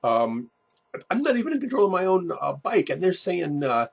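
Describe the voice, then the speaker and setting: A man telling a personal story from his childhood over photos, in a halting way full of restarts and repeated words. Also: high-pitched, big pitch swings, gravelly.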